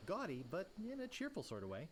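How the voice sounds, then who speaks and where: A man's voice: on the high side, huge pitch swings, fast, slight background noise. An actor voicing a naive, eager young man who wants to be a pirate, earnest and slightly awkward. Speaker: game protagonist.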